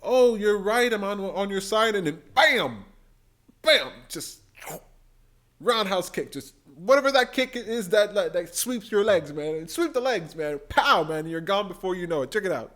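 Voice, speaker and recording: A man vlogger giving excited, gushing commentary on debate clips, often mimicking the people he talks about. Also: sits high, measured pace. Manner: animated and gushing, mimicking voices.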